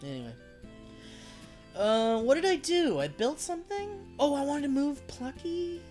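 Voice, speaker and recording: A man's voice: very high voice, big pitch swings, measured pace, a little mellow, soft background music. A man chatting casually while live-streaming a video game, rambling, joking and swearing freely as he talks to his chat. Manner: rambling, profane, jokey.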